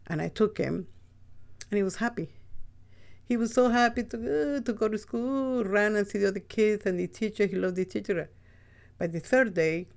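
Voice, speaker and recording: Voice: mid-range voice, vocal fry. A podcast host speaking in a casual, rambling monologue, blunt and often profane, with frequent restarts. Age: adult with a child.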